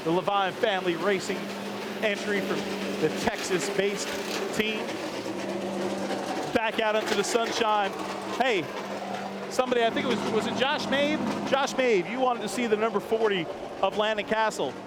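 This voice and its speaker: A man's voice: high-pitched, moderate pace, pauses often. A man hosting a walking tour of a race garage, chatting upbeat and joking with crew members outdoors. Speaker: host. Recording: faint outdoor background noise.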